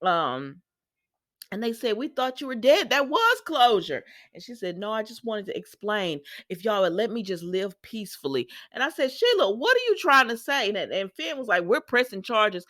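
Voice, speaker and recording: Laughing frequently, she goes over the plot of a soap opera and performs the characters' lines in lively voices. Her mid-range voice moves at a normal speed, and the studio-quality audio carries no room sound.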